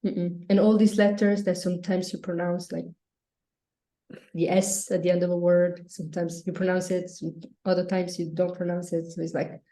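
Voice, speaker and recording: A woman with an Italian accent, a guest teacher in a casual chat, lively and quick to laugh. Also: lowish voice. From Italy. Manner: lively, laughs often, short phrases. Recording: echoey room.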